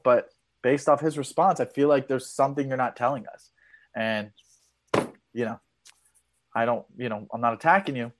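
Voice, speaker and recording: A man, a comedian guesting on a podcast, rambling mock-serious advice with many fillers. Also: medium pitch. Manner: rambling, mock-serious, lots of "you know". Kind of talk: casual comedy podcast chat.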